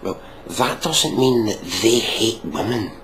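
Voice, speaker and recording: A man's voice: mid-range voice, animated, takes it slowly, a bit bright, a little hiss or hum, low-quality recording. A man hosting a casual reaction video, mocking and sarcastic, swearing freely.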